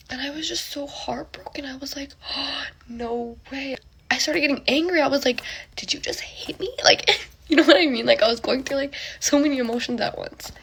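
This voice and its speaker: A young woman chatting through a get-ready-with-me storytime, full of fillers and breathy half-whispered asides as she acts out what everyone said. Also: sits high, normal speed, a bit bright, a little hiss or hum.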